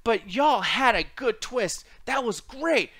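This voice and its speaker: A man with a high, bright voice rants through a casual movie chat as co-host. He swears constantly and complains with animated energy. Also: slow pace. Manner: profane, ranting, animated. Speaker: podcast co-host.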